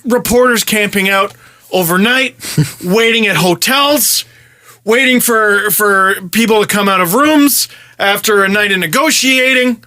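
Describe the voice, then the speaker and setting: A young man hosting a podcast, ranting in frustration with lots of swearing and occasional shouting. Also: high-pitched, measured pace. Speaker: podcast host. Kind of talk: casual podcast chat.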